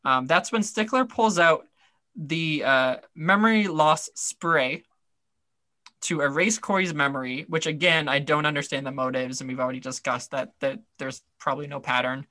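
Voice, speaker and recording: Bright, dry-voiced man recapping wryly. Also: on the high side, normal speed, dry recording. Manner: rambling, filler-heavy, wry. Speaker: podcast co-host. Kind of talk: casual recap chat.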